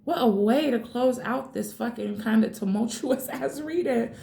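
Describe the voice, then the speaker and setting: Female tarot reader, casual and excitable, some vocal fry, echoey room. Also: a little high, normal speed. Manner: excitable, swears freely, addresses viewers as y'all. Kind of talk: casual tarot reading to camera.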